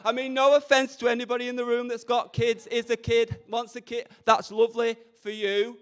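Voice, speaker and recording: High smooth-voiced young guy from up north doing camp stand-up at an open mic, cheeky. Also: little pitch movement, brisk. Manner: cheeky, self-deprecating, camp. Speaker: stand-up comedian. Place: community radio open mic event.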